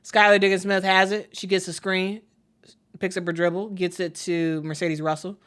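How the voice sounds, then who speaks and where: A woman calling a live basketball game for her stream, chatty and excitable, talking straight to her viewers. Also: fairly low pitch, moderate pace. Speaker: play-by-play commentator. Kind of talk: casual live play-by-play stream.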